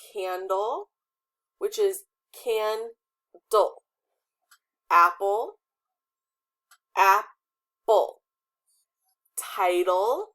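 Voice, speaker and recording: A woman teacher leads a children's phonics lesson, speaking slowly and deliberately. She patiently asks questions and leaves room for her pupils to answer, in a mid-range voice recorded on a computer webcam. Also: medium pitch, fairly bright tone.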